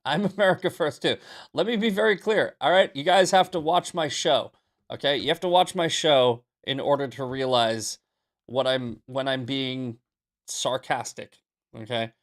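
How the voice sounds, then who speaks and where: A man's voice: medium pitch, a little slow. A man hosting a live political commentary show, talking emphatically, repeating himself and reading from the chat with sarcastic asides. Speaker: livestream political show host.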